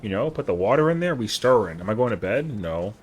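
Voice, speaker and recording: Animated slangy male game streamer. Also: lowish voice, fast, breathy edge. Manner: rambling, slangy, answers chat. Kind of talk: casual live-stream chatter.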